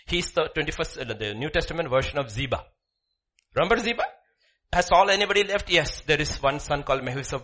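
A man preaching a sermon in a church, swinging between soft asides and loud, animated emphasis. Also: on the high side, brisk. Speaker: pastor.

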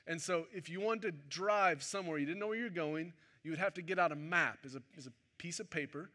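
A man's voice: on the high side, a little fast, sharp tone. A man preaching a sermon to his congregation in a church service, talking in a conversational way and joking with the people in front of him. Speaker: pastor.

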